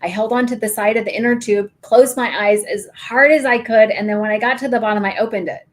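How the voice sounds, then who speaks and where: A woman's voice: on the high side, fairly quick. A middle-aged woman co-hosting a podcast, walking the listener through a guided imagery story and acting out its voices. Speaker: podcast co-host. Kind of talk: guided imagery exercise in casual chat.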